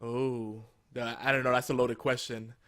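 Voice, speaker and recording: A man's voice: medium pitch, flat delivery, normal speed, fairly bright tone. A man co-hosting a casual fan podcast, playful and jokey, laughing often. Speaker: podcast co-host.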